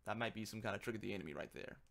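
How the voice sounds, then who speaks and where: A man's voice: fairly low pitch, very fast, creaky, fairly bright tone. A man talking casually on a livestream as he works, rambling, joking and muttering to himself. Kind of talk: casual livestream chat while working.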